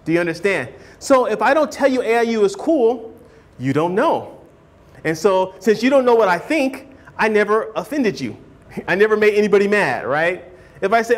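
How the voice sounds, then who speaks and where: Lecturing to a writing class at a moderate pace, this man stays animated throughout. He checks understanding with frequent questions and imitates hedging speakers by raising his voice.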